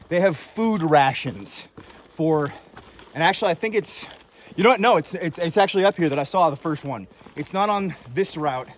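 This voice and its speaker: A young man with a fairly high voice rants while hiking, a little breathless and full of ums and uhs. He is outdoors on a trail, talking into a handheld camera, with faint ambient noise around him. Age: young adult. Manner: opinionated, rambling, lots of fillers. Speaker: vlogger hiking. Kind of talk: casual ranting monologue.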